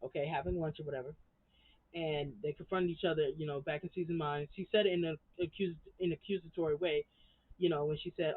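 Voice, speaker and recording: A reality TV recap vlogger with a low-pitched, husky voice rants fast and bluntly about an episode, her heated commentary full of profanity. It's casual, and the recording sounds tinny, like a phone.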